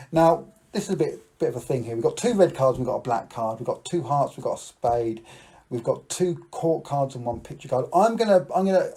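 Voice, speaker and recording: A man's voice: medium pitch, dark tone, slightly rough. A man hosting a live-streamed show, chatting playfully with viewers while doing card tricks and telling silly stories. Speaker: magician and live show host.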